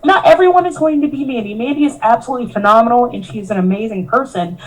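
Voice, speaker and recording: A woman's voice: on the high side, quick pace, low-quality recording. A woman, a professional wrestler, telling her story in a candid interview, earnest and emotional, often quoting herself and others. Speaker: professional wrestler, podcast guest.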